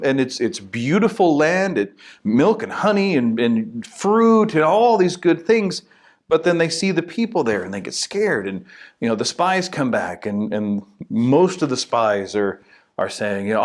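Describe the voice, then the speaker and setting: A young man, a minister, giving a short casual devotional talk in a conversational way. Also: mid-range voice. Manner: conversational, animated, acts out quotes.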